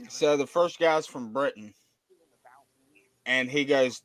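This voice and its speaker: A man's voice: mid-range voice, slow pace, long pauses, no echo. A man co-hosting a casual chat, self-deprecating and fumbling as he talks.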